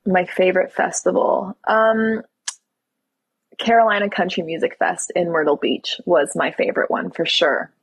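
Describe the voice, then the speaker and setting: Breathy low-voiced woman chatting on a live stream. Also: normal speed, no room sound, low-quality recording. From Toronto, Canada. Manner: relaxed, reads out viewer questions and answers them candidly. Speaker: livestream host. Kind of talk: casual live-stream chat answering viewer comments.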